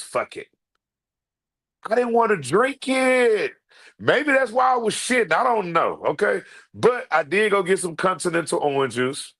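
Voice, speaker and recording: A man tells his audience a comic story full of swearing, calling out to them as he goes. His voice sits a little high and swings widely from line to line. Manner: profane, animated, talks to the audience as "y'all". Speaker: online show host. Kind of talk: comedic storytelling monologue to viewers.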